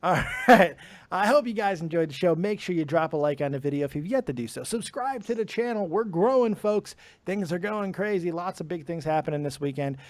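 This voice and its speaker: A man's voice: high-pitched, animated, brisk, no room sound. A man hosting a podcast, in casual, blunt talk full of swearing. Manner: blunt and profane, wrapping up the show. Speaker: podcast host. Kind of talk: casual chat.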